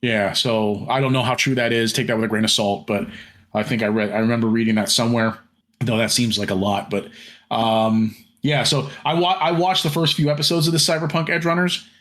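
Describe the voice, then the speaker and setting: A man's voice: mid-range voice, steady tone, a little fast, a bit bright. Rambling podcast guy, full of ums. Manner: rambling with many fillers and restarts; casual swearing. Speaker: podcast co-host. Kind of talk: casual chat.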